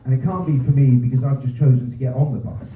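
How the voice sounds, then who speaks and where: Swearing stand-up ranting in pub. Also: male voice, medium pitch, fast. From North London. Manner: ranting, sweary, deadpan asides. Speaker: stand-up comedian. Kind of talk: stand-up comedy set. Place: small pub comedy room. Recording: roomy, distant, phone-like sound. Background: audience laughter.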